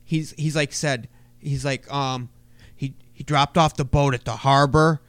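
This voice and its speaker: A man's voice: mid-range voice, unhurried, clean tone, no room sound. A man co-hosting a casual podcast, telling stories with lots of swearing. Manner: animated storyteller, swears constantly. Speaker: podcast co-host. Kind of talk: casual chat.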